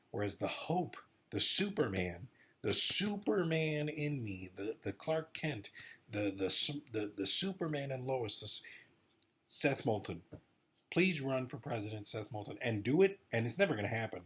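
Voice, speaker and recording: Rambling, husky-voiced man. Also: mid-range voice, normal speed. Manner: excitable, rambling, repeats himself. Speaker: political commentator vlogger. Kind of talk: rambling casual monologue.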